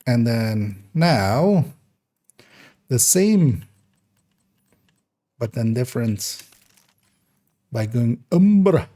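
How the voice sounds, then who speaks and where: A man's voice: medium pitch, big pitch swings, drawn-out words, long pauses, dark tone. A man streaming a game live, in casual commentary, thinking aloud hesitantly as he works through numbers.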